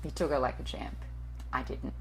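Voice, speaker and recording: A woman's voice: a bass voice, steady tone, normal speed, a little hiss or hum, poor audio. A woman in her late thirties, a TV and radio host and voice-over artist, answering interview questions in a chatty, self-deprecating way with the odd swear word.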